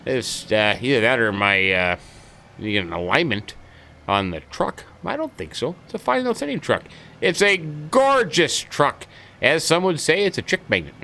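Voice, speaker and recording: A man's voice: mid-range voice, very animated, moderate pace, bright, forceful tone, low-quality recording. A man hosting a farming-game let's-play, chatting casually in a folksy, rambling way and repeating his stock phrases. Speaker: gaming channel host.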